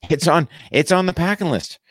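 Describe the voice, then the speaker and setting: A man's voice: a little high, moderate pace, breathy edge, no echo. A man who teaches shooting classes, talking casually and conversationally on a podcast. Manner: relaxed, conversational, uses "you know". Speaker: firearms instructor and podcast co-host. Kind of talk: casual chat.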